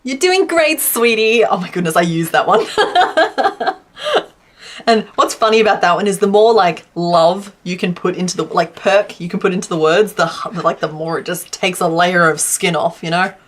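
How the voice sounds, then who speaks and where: A woman's voice: fairly low pitch, steady tone, brisk, hardly any pauses. Chatty Australian woman crochet streamer. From Western Australia. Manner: chatty, laughs often, answers chat. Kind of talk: casual live-stream chat while crocheting.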